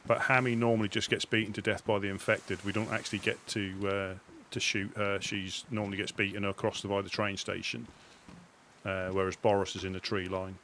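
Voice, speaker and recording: A man on game voice chat, calmly explaining things with some hesitation. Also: on the low side, brisk, slight background noise. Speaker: game player.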